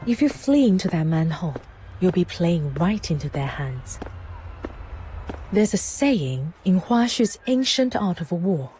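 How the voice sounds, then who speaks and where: A woman voicing a shrewd, composed female merchant proprietress who talks in a calm, polished and cunning way in a game cutscene. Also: lowish voice, measured pace, soft background music. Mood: knowing.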